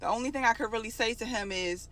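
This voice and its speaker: A woman's voice: a little high, quick pace, fairly bright tone, a little hiss or hum. A young adult woman telling a personal story in a casual, emotional, conversational way.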